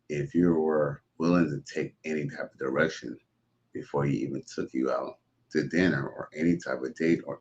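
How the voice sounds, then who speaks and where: A man's voice: very deep voice, lo-fi sound. A man hosting a livestream, giving blunt, preachy commentary in a drawling way. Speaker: streamer host.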